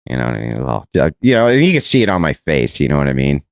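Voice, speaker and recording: A man telling a debate story in an animated, mocking way, mimicking his opponent's voice and laughing often. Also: very deep voice, very fast, creaky, no room sound. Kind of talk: animated anecdote on a podcast clip.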